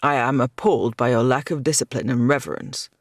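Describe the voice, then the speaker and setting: A man's voice: medium pitch, fairly even intonation, fairly quick, dry recording, clean studio sound, natural voice. A man playing a stern, formal older knight who scolds his squire.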